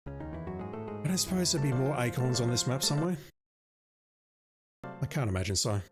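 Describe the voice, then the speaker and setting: A man talks his way through an old adventure game, dry and self-mocking. His pitch sits in the middle but moves with an animated, lively swing. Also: normal speed, music in the background. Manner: wry, self-mocking, reads game text aloud. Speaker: gamer playing a classic adventure game. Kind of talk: let's play commentary.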